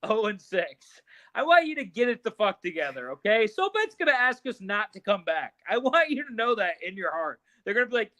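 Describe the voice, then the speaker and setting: High, lively teasing man. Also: fairly quick, no echo. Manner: teasing, profane, mock-stern. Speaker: podcast co-host. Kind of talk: casual chat.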